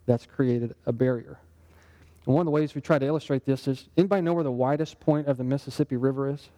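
A man gives an interactive Bible lesson, speaking fast in a mellow, medium-pitched voice with fairly even intonation. The sermon is conversational, and he often turns to the group with questions.

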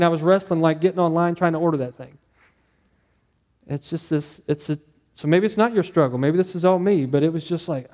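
A male pastor preaching a conversational sermon, animated and acting out his own inner dialogue. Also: on the high side, long reverb tail.

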